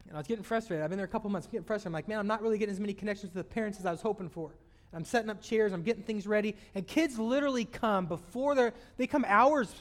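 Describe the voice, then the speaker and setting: Man preaching in a reverberant hall. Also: sits high. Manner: animated preaching with sudden loud swells and soft drops. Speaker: pastor. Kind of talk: sermon.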